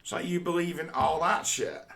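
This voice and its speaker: A man's voice: on the high side, lively intonation, moderate pace, vocal fry, fairly bright tone. A man in a casual, rambling monologue, swearing often and talking conversationally.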